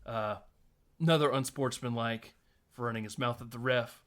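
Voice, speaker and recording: Laughing, animated man recapping a film. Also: medium pitch, normal speed. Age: 30s. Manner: animated retelling, laughs often, swears casually. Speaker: podcast host. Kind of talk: casual film recap chat.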